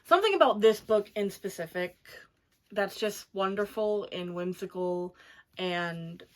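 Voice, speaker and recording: A woman's voice: medium pitch, expressive, unhurried. A woman talking casually and eagerly about a book she loves, full of "like" fillers. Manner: chatty and enthusiastic, many "like" fillers. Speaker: book reviewer. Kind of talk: casual book review chat.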